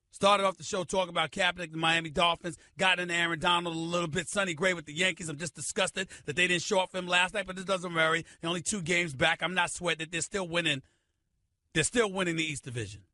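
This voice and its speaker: A male sports radio host with a very high, piercingly bright voice, shouting and hammering home every point. The studio sound is completely dry and close. He talks in an emphatic, theatrical tirade. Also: steady tone, fast, no room sound. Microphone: studio microphone.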